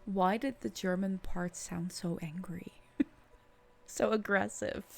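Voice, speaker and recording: A young woman streamer giving casual gameplay commentary, often in quiet, half-whispered asides. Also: medium pitch, fairly even intonation, slow, gravelly.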